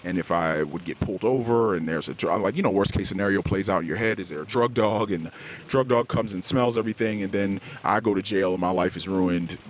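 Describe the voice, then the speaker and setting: A middle-aged man hosting a podcast, telling a personal story in a candid, halting way, often restarting and searching for words. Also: deep voice, slight background noise. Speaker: podcast host. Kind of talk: personal confessional podcast monologue. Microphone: podcast microphone, self-recorded.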